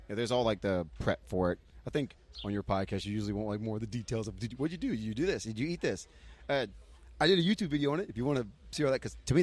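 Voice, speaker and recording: A man talking fast as a podcast guest and racing through an excited story. He acts out what other people said and jumps up in pitch for those quotes. His pitch sits in the middle for a man. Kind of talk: casual chat.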